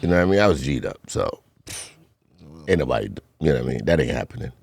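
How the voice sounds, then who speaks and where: A man hosting a casual podcast chat, telling childhood stories in an animated way with squeaky impressions. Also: quick pace, husky, no room sound, clean studio sound. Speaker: podcast host.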